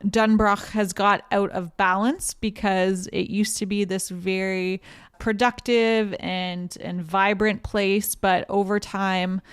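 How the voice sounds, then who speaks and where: Smooth-voiced woman retelling a plot. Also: mid-range voice, level tone, slow, no echo, clean studio sound. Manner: retells the plot with many fillers. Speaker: podcast co-host. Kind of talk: casual book-club chat.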